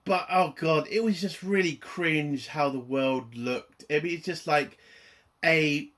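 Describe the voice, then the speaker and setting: A man's voice: a little high, slow, fairly bright tone. A man ranting in a profane, exasperated and rambling way while reviewing a TV episode.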